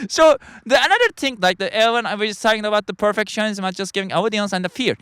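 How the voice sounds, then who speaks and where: A man's voice: sits high, animated, fast, hardly any pauses, fairly bright tone, clean tone, no room sound. A man hosting a podcast, delivering a rambling philosophical monologue in English that is not his first language, with frequent restarts and filler words. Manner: speaks English as a second language. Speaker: podcast host.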